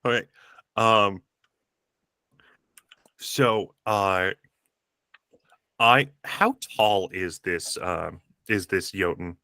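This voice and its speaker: A man playing a tabletop game, describing his hero's moves in halting, rambling bursts and laughing at his own lines. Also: sits low, bright, forceful tone, no echo, clean studio sound. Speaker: player.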